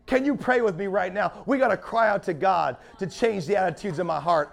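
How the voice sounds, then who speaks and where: A man's voice: very high voice, animated, fairly quick, vocal fry, few pauses. A man preaching a sermon as pastor, fiery and building in intensity.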